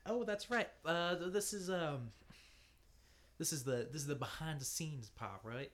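A man playing in a tabletop role-playing game on a podcast, talking in a rambling, animated way and laughing often. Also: a little high, a little slow. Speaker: podcast guest player. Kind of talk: casual tabletop role-play chat.

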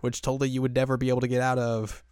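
A man's voice: medium pitch, completely flat delivery, rapid-fire, a little mellow, smooth, dry recording, natural voice. A smug cartoon villain gloats over his captive, mocking and sarcastic, as a man mimics him in his own mid-range voice. The sound is dry and close, with no room around it. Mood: gloating.

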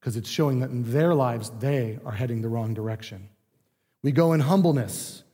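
A man's voice: medium pitch, moderate pace, mellow. A man preaching a sermon in a conversational teaching manner, acting out what people say. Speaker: pastor. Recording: long reverb of a large room.

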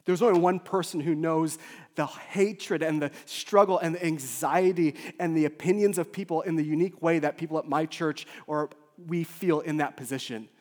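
A man, a lead pastor, preaching a sermon with emotional swings from loud urgency to soft near-whispers. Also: fairly high pitch, moderate pace. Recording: long hall reverb.

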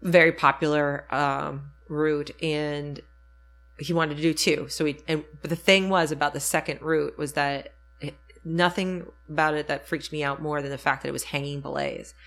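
Mid-pitched speaker, reflective chat. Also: steady tone, moderate pace, fairly bright tone. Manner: reflective, many ums and self-corrections. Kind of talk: casual storytelling chat.

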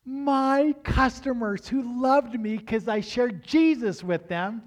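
A middle-aged man delivers a sermon in a noticeably high voice. He tells stories with lively energy and acts out the dialogue as he goes. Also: takes it slowly, few pauses. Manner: animated storytelling, acts out dialogue. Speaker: preacher.

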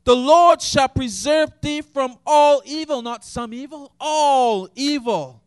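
Impassioned high-voiced preacher. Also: male voice, takes it slowly, no room sound, clean studio sound. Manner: impassioned preaching, swinging from shouts to hushed tones. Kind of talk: sermon.

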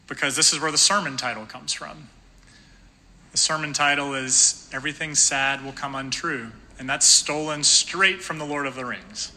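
Earnest pastor with a bright, ringing voice. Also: male voice, medium pitch. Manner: earnest, emphatic, builds to passionate peaks. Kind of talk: sermon. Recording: long church hall reverb.

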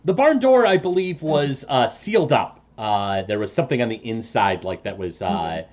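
Halting male game master, lively pitch. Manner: halting, many fillers and restarts. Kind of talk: narrating a tabletop game.

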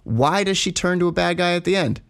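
A man co-hosting a podcast, talking in an animated, exasperated way and filling his speech with "like". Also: sits high, fairly quick, creaky, noisy background. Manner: animated, exasperated critique with frequent "like". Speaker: podcast co-host. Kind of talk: casual chat.

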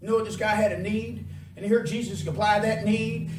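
A man preaching a sermon in an animated, conversational way, full of rhetorical questions. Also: high voice, a little fast, music in the background. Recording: echoey room, distant mic, faint noise.

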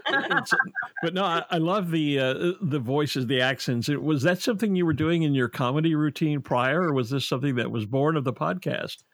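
A man hosting a podcast interview, talking with many restarts and warm praise for his guests. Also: on the high side, normal speed, no echo, clean studio sound. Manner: hesitant, repeats words, effusive praise. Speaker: podcast host. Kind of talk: interview chat.

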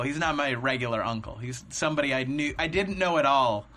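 A man's voice: mid-range voice, a little fast. A man, a touring stand-up comic, telling a long story in a casual podcast chat and acting out the people in it. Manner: animated storyteller, acts out quotes. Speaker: stand-up comedian guest.

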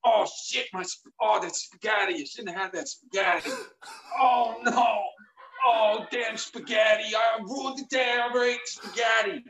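A man's voice: extremely high pitch, unhurried, fairly bright tone, pitched above the performer's own voice, exaggerated voice. A man playing someone dying of a spaghetti heart attack, wailing and cursing in overblown death throes. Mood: anguished wailing. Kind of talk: improv bit replayed.

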